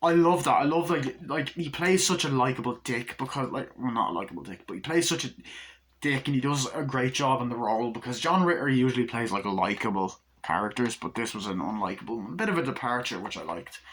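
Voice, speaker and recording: A man's voice: medium pitch, lively intonation, brisk, a bit bright, low-quality recording. A young man talking through a horror comedy film in a casual, rambling way, swearing freely as he goes. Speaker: movie reviewer. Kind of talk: casual movie review.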